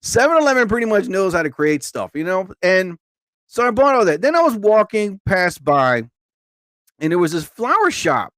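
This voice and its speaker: A man hosting a live show, rambling through a casual story and jumping to high, exclaimed asides. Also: very animated, normal speed, fairly bright tone, dry recording. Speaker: host of a live show and podcast.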